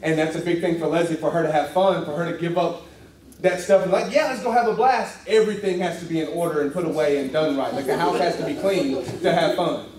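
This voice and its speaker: A man teaching a church class in a casual, animated way, often acting out quoted voices and laughing. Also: fairly high pitch, fast talker. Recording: echoey room, distant mic, faint hiss.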